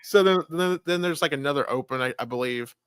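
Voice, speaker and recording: A man's voice: on the high side, brisk, fairly bright tone, clean tone, no echo, studio quality. A man co-hosting a casual film review chat, rambling, swearing freely and acting out movie lines. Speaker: podcast co-host reviewing a film.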